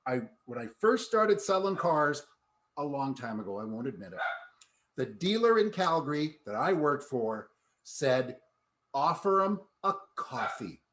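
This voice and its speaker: A man hosting a podcast, reflecting in a relaxed conversational way. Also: medium pitch, moderate pace, slight background noise. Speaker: podcast host. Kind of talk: casual podcast talk.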